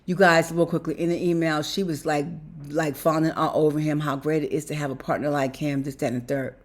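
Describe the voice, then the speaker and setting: A woman with a low voice talks a little fast in a steady tone, chatting directly to viewers as "you guys." Her personal vlog is rambling and emotional, full of repetition and sudden laughter mid-sentence.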